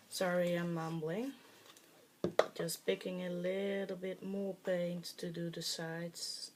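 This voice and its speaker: A woman's voice: fairly low pitch, little pitch movement, takes it slowly, background noise. A woman whose first language is Dutch, talking through a craft project in a casual, hesitant way with many fillers, muttering to herself as she works. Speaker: craft tutorial host.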